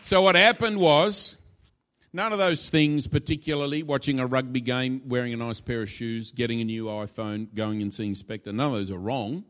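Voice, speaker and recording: A man's voice: medium pitch, fairly even intonation, moderate pace, fairly bright tone. A male pastor preaching a sermon in a church, informal and playful, acting out little scenes as he teaches. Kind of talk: sermon with a live demonstration.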